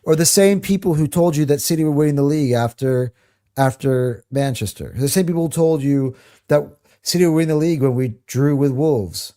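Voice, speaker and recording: A man hosting a football fan reaction show, chatting casually and excitedly, swearing freely and restarting his sentences as he rambles. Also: a little high, fairly quick. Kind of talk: casual chat.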